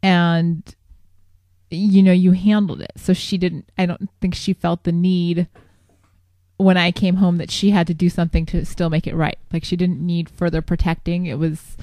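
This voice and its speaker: A woman co-hosting a podcast, talking in a calm, affirming way in casual conversation. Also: on the low side, normal speed, no echo, studio quality. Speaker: podcast co-host.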